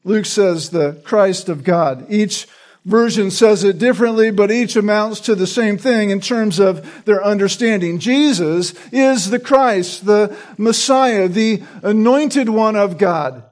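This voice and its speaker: A man with a high voice teaches a passage of scripture verse by verse. He talks in an easy conversational sermon style, restarting phrases and often checking in with a quick "right?". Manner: repeats words while teaching, asks "right?". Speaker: pastor. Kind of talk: expository Bible teaching.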